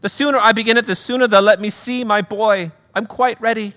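A man voicing a petulant grieving mother's ghost in a put-on British accent, high and indignant. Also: steady tone, brisk, bright, forceful tone. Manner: high-pitched, indignant, demanding.

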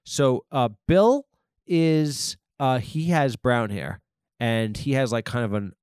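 A man's voice: mid-range voice, darkish tone, clear, resonant tone, no echo, studio quality. A man hosting a comedy podcast, rambling through an improvised monologue with lots of fillers, restarts and swearing. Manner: halting, rambling, profane, full of fillers.

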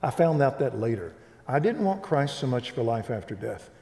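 An older man who tells his faith story in an animated preaching style, acting out the dialogue. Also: mid-range voice, moderate pace, vocal fry. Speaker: Christian speaker. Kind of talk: preaching testimony. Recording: reverberant hall.

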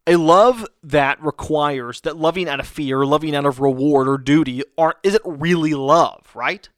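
A man's voice: on the high side, no room sound, clean studio sound. A man preaching a conversational sermon who often restarts his sentences and checks in with rhetorical questions. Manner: halting, frequent restarts, rhetorical "right?". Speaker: pastor.

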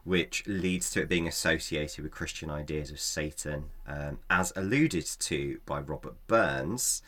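A man's voice: a bass voice, unhurried, fairly bright tone. A man co-hosting a casual podcast, chatting and reading folklore notes aloud with frequent laughs. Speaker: podcast co-host.

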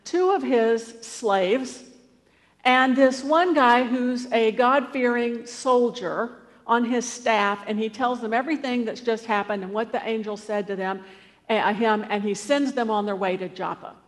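A woman's voice: on the high side, measured pace. A woman preacher retelling a scripture story in a conversational way, with asides and fillers. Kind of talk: storytelling sermon. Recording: long hall reverb.

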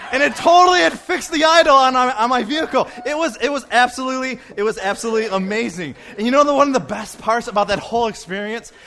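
High bright excitable male storyteller. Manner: excitable, bursts into shouts and laughter. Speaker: retreat speaker. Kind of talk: animated storytelling talk.

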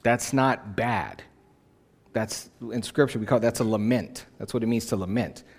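A man's voice: lowish voice, a little slow, a little mellow, slightly rough. A male pastor preaching a sermon in a conversational way, repeating phrases for emphasis.

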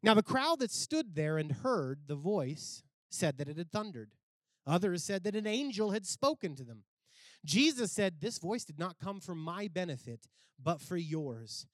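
A man's voice: high-pitched, sing-song, unhurried, dry recording. A man preaching a sermon, reading scripture aloud and explaining it with earnest, rising emphasis.

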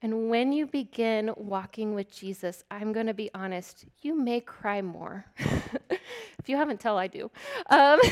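A middle-aged woman preaching a sermon, earnest and candid, laughing at herself now and then and dropping into soft, breathy whispers for emphasis. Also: medium pitch, normal speed, hardly any pauses.

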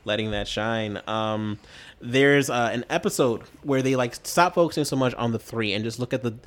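Male co-host, casual and rambling, keen, average pitch. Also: moderate pace. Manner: rambling, heavy on fillers, enthusiastic. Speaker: podcast co-host. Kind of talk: casual chat.

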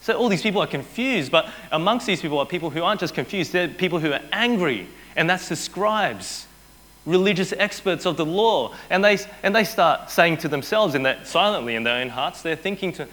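A man preaching a sermon as pastor, telling the story with energy and dropping to a hushed voice for quoted lines. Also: fairly high pitch, lively intonation, a little fast. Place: church.

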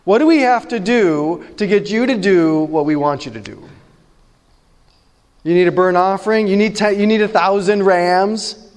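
A man's voice: high voice, normal speed, long reverb tail, natural voice. A man putting on the voice of a whiny, exasperated teenager who sarcastically bargains with God. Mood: exasperated whining. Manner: sarcastic, pleading, exaggerated.

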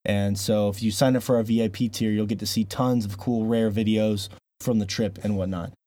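A man's voice: fairly low pitch, steady tone, fairly quick, dark tone. A man hosting a casual podcast, joking and laughing often. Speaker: podcast host.

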